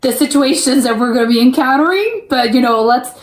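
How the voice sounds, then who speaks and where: A woman's voice: high-pitched, lively intonation, a little fast. A woman hosting a reaction channel, giving a casual, rambling, hesitant intro with nervous laughter. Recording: roomy echo.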